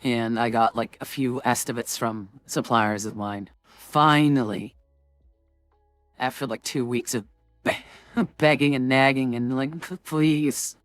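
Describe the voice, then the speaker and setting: A woman's voice: very deep voice, unhurried, dry recording, faint music behind. A woman streamer chatting casually with her viewers before a tabletop game, rambling and full of filler words.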